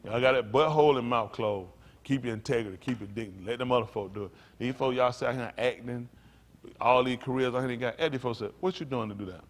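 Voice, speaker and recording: A male pastor preaching a sermon in a folksy style, calling out to his congregation and swinging from loud, high bursts down to low, quiet lines. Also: fairly quick. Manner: animated preaching, leaps high and loud for emphasis, then drops low; folksy vernacular, calls out to the congregation. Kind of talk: sermon teaching.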